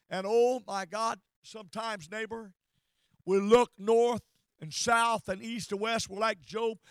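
High-voiced fervent male preacher. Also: a bit bright, dry recording. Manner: fervent, repeats words, cries out hallelujah. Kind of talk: sermon.

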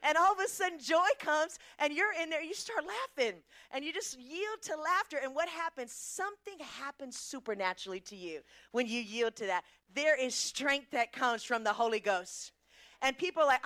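A middle-aged woman preaching a lively sermon, asking the congregation questions and quoting scripture. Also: high-pitched, normal speed. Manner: animated, asks the congregation questions.

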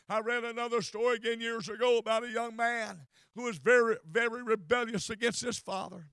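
A man's voice: very high-pitched, fairly even intonation, fairly quick, fairly bright tone, clean tone, no echo, studio quality. A man preaching a sermon with fervent delivery, often stumbling over and repeating his words.

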